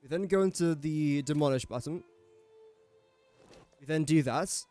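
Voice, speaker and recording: Chatty English lad, slightly high voice. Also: male voice, a little slow, warm tone, soft background music. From England. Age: young adult. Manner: chatty, jokey, talks to himself and the game characters. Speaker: gaming streamer. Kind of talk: casual gameplay commentary.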